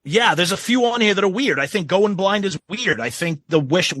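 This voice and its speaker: A man co-hosts a podcast in relaxed, casual chat, his voice bright and a little high. He moves up and down a lot in pitch, and often stalls with ums and restarts. The sound is close and dry. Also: moderate pace, no echo. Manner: hesitant, many ums and restarts. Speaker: podcast co-host.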